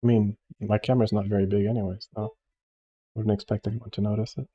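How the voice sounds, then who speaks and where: Chatting while he draws on a livestream, this host tells a meandering story full of fillers and false starts. He speaks fast in a fairly low, dark voice with flat delivery, and the sound is lo-fi.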